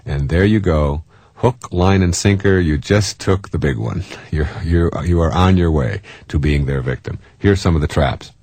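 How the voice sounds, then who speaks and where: A middle-aged man giving a self-help talk in a lively way, often mimicking other people's voices and chuckling at his own jokes. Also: extremely low pitch, normal speed, breathy edge, dry recording. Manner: animated, jumps into mimicking voices; chuckles while telling jokes. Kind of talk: motivational talk.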